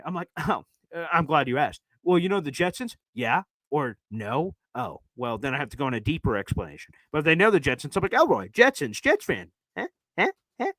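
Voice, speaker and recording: A man's voice: a bit bright, dry recording. A young man hosting a live sports talk show, telling stories and acting out quotes with big jumps in his voice. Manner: storytelling, acts out quotes with big pitch jumps. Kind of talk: casual live-stream chat.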